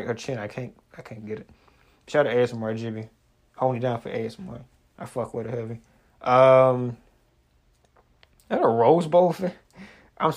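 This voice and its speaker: A man delivering a foul-mouthed, comedic monologue in a mid-range voice. He rambles, loses his thread and starts over, swearing in nearly every sentence. He jumps from loud, animated bursts to low, muttered asides. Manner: rambling, swears constantly, trails off and restarts. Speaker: online content creator. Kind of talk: casual profane comedic rant.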